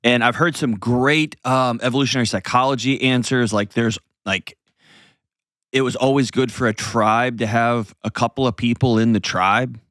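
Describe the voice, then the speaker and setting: A man's voice: medium pitch, steady tone, normal speed, a bit bright, dry recording, studio quality. A man hosting an advice show, explaining casually to a caller with acted-out examples and frequent "right?" checks.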